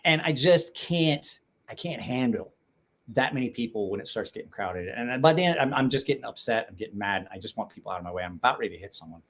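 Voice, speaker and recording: A man's voice: medium pitch, lively intonation, fast talker, a bit bright. A middle-aged man hosting a casual livestream chat, blunt and rambling, swearing freely. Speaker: knife-sharpening channel host.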